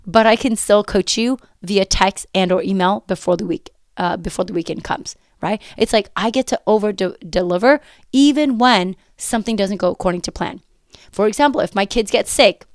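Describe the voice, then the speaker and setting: A medium-pitched woman coaches listeners on a casual motivational podcast, her voice slightly worn from a recent illness. She's energetic and emphatic, repeating herself a lot and quoting her own self-talk. The sound is clean studio audio from a close podcast mic with no room echo.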